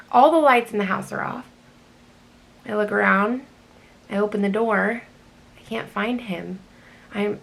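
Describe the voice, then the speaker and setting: Gravelly woman telling a story. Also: medium pitch. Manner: hesitant with many ums, animated retelling. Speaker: EMT telling a work story. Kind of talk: casual storytelling.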